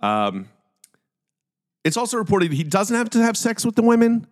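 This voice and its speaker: A man's voice: sits high, very animated, moderate pace. A man with a Philadelphia accent hosting a casual solo podcast, chatty and jokey with self-deprecating asides. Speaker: podcast host.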